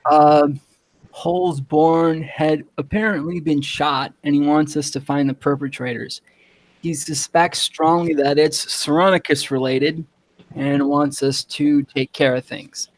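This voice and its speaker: Brief: male player, slightly higher voice, measured in-character delivery, dry sound. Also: steady tone, dry recording, rough recording. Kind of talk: tabletop game role-play.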